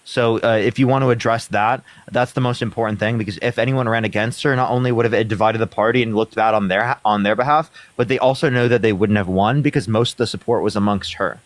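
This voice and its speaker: Brief: young male livestream host, fast and profane, dry close sound. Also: lowish voice, steady tone, no room sound. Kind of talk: heated political livestream debate.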